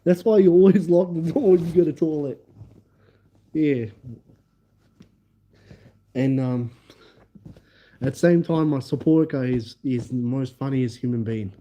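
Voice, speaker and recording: A young man chats on his live stream, rambling through a funny story and breaking into laughter often. His voice is strikingly dark and mellow though pitched a little high, and he talks slowly and unhurriedly. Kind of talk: casual livestream storytelling.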